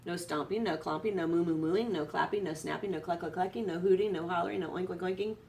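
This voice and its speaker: A woman teacher reading a picture book aloud to her students, expressive and lively. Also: lowish voice, quick pace, gravelly, a little hiss or hum. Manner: expressive read-aloud, voice rising for excitement. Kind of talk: storybook read-aloud to students. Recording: distant from the microphone.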